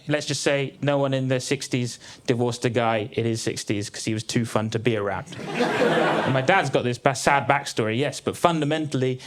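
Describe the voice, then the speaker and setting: Dry deadpan comedian. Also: male voice, noisy background. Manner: deadpan, dry delivery with sudden high exclaimed punchlines. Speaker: stand-up comedian. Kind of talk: stand-up comedy set. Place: theatre stage. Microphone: stage mic. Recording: live theatre with crowd laughter. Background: audience laughing.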